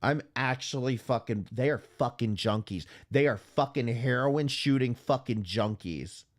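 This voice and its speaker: An unhurried, medium-pitched man hosts a livestream commentary as a furious, bluntly profane rant. When he gets worked up, he stammers and starts his sentences over.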